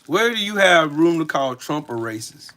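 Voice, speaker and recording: A man's voice: very animated, moderate pace, a little hiss or hum. A man hosting a live stream, angrily cussing out viewers in chat and answering them by name. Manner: angry, profane, cussing out viewers; swings between loud shouting and low muttering. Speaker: livestream host.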